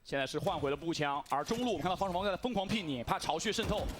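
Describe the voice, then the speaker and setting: A man giving energetic, emphatic play-by-play on a live esports broadcast. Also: on the high side, racing, over music. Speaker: esports commentator.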